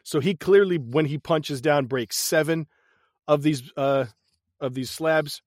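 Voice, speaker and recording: A man co-hosting a podcast, recapping a movie in casual chat, animated and profane, laughing often. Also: fairly high pitch, measured pace, dry recording, clean studio sound. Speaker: podcast co-host.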